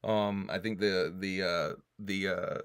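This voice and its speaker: A man's voice: low-pitched, fairly even intonation, takes it slowly, a bit bright, clear, resonant tone, no echo, clean studio sound. A man hosting a casual livestream chat, loose and profane, laughing and coughing often. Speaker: host.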